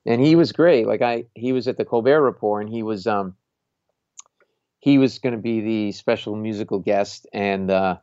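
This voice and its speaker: Man, stand-up comedian, animated storytelling, acts out voices, laughs often, muffled dry sound. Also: on the low side, normal speed, clear, resonant tone, no room sound. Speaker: stand-up comedian, podcast host. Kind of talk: casual anecdote on a talk show.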